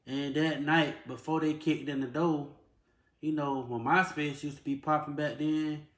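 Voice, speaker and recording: Man calmly retelling a painful story. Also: a little high, echoey room. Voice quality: casual, plain-spoken, drawn-out retelling. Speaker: vlogger. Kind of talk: personal story time.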